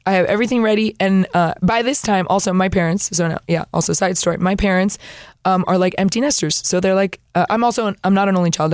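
Young woman guest, animated storyteller, plays out the dialogue, dry close mic. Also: on the low side, dry recording. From Peru. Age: young adult. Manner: animated, acts out quoted voices, laughs often. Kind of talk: lively storytelling testimony.

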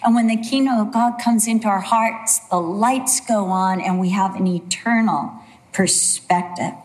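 A woman's voice: mid-range voice, measured pace. A woman preacher giving a sermon, earnest and emphatic, with a lot of repetition.

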